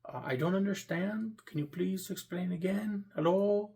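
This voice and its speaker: A man's voice: sits high, warm tone, pitched above the performer's own voice. A man putting on a flustered student clerk with an Indian accent. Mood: confused. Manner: confused, halting questions.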